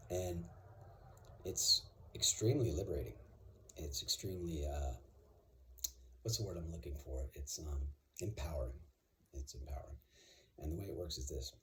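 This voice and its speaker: A man's voice: rumbling low, moderate pace, long pauses, fairly bright tone, slight background noise. A man talking casually and confidently, rambling with many fillers and restarts. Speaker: vlogger. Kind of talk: casual monologue.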